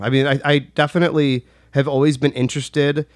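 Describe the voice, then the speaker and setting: A man talks loosely about something that happened to him, and he keeps circling back with fillers and restarted phrases. His voice sits at an ordinary middle pitch. The sound is dry and close, with no room echo. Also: a little fast. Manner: rambling, full of "like" and restarts. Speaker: storyteller recounting a personal experience. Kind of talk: casual chat.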